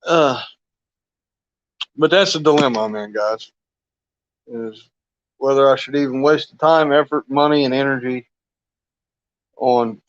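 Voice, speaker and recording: A man chatting on a fishing live stream in a loose, folksy ramble, chuckling as he goes. His voice sits at an ordinary pitch. It comes through dull and lo-fi, with a dry, close sound. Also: no echo. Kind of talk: casual live stream chat.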